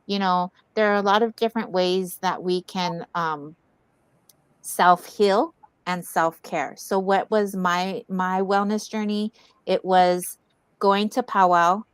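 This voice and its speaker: A woman speaks earnestly and warmly personal about her own self-care, urging listeners to look after themselves. Her voice is smooth and clear. The sound is dry and close. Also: on the low side, fairly even intonation, slow pace, dry recording. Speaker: wellness event co-host. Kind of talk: heartfelt community talk.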